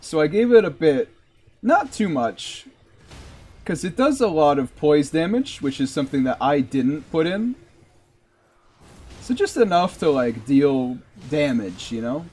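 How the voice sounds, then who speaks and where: A man's voice: a little high, very animated, unhurried, darkish tone. A man streaming a game, chatting casually and rambling with lots of "like". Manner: rambling, heavy use of "like". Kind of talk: casual live-stream commentary.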